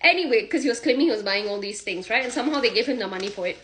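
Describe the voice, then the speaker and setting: A young woman telling a gossip story casually on social media, sassy and animated, acting out the quoted lines. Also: a little high, very fast.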